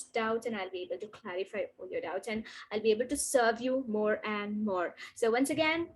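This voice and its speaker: A woman with a high voice teaches an online English grammar lesson. She reads each example sentence slowly and with care. She leans on the rising intonation of questions. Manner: slow, deliberate reading of example sentences.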